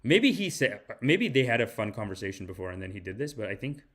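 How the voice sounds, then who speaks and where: A man's voice: lowish voice, fast talker. A man hosting a podcast, giving casual comedic commentary and mocking the news he reacts to. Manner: animated, mocking, breaks into impressions. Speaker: podcast host.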